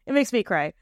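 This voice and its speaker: A young woman co-hosting a casual podcast, playful and giggly, tossing in quick quips. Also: no echo, clean studio sound. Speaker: podcast co-host. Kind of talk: casual chat.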